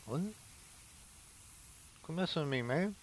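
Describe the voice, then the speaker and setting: A man's voice: a little high, expressive, measured pace, low-quality recording. A man doing casual let's-play commentary, joking, rambling and reading in-game notes aloud. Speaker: gameplay commentator.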